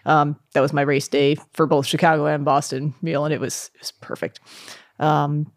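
A man with a fairly high voice chats as a podcast guest, rattling through a story and playing out each quoted voice. The sound is dry, with no room echo. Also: flat delivery, normal speed. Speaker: podcast guest, marathon runner. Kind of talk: casual chat.

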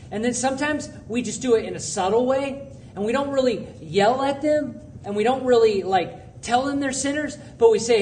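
A man's voice: very high-pitched, normal speed. A man preaching a youth sermon in a conversational, earnest way, repeating phrases for emphasis. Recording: distant mic with faint background noise.

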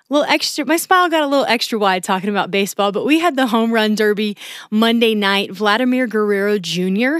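A woman's voice: medium pitch, dry recording. A woman runs through the week's sports news on her own podcast in a chatty, upbeat way. Her voice sits mid-range for a woman. The recording is dry and close, with no room sound. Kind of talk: casual solo sports recap.

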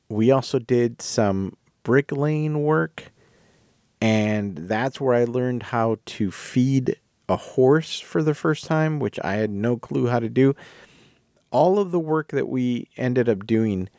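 A man's voice: mid-range voice, takes it slowly, no room sound, studio quality. A man hosting a podcast, telling a story in a casual, rambling way and correcting himself as he goes. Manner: rambling, self-correcting, animated retelling. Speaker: podcast host.

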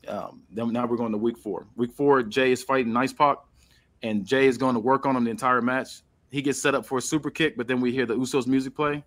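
Man, podcast host, casual story recap, mid pitch.

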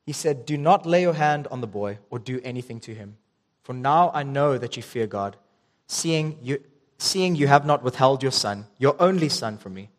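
Young guy giving a sermon, mid pitch, chatty with lots of ums, big echoey hall. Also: expressive, moderate pace. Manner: casual storytelling with ums and restarts. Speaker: preacher. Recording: long reverb in a hall.

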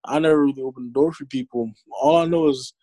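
A man's voice: mid-range voice, quick pace, no echo. Young man telling stories, cursing freely. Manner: profane, animated storytelling with acted-out quotes. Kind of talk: casual chat. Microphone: remote call audio.

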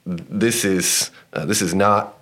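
Deep-voiced man musing on scripture. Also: takes it slowly. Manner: animated, jumps way up in pitch when amused. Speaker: podcast co-host. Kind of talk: casual Bible discussion.

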